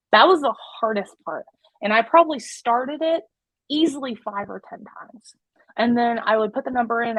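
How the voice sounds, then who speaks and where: A woman's voice: mid-range voice, no room sound. A woman presenting to an online audience, talking in a candid, heartfelt way with many restarts. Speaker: webinar presenter. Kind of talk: personal talk to an online audience. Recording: dry, muffled web call audio.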